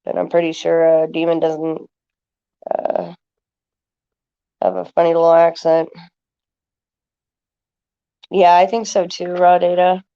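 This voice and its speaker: A woman with a low, dark voice talks casually to her viewers, rambling and stacking fillers. The sound is dull and lo-fi. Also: completely flat delivery, takes it slowly, long pauses, smooth. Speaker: livestreamer answering chat.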